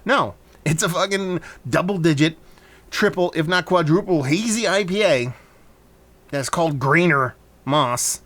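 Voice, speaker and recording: A man's voice: on the high side, measured pace, fairly bright tone. A man casually reviewing a hazy beer on his vlog, talking loosely with rambling asides and frequent swearing.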